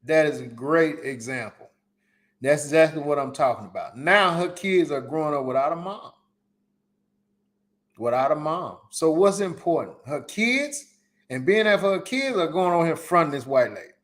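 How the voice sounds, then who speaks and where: This podcast host's voice is fairly high, with lively intonation and normal speed. Alone on a live-stream, he offers emphatic, repetitive advice in casual slang.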